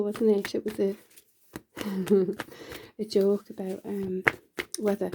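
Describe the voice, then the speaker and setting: A woman's voice: mid-range voice, level tone, takes it slowly, long pauses, background noise. A woman giving a casual, rambling tarot reading, full of fillers and restarts. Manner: laughs often between lines. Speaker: tarot reader.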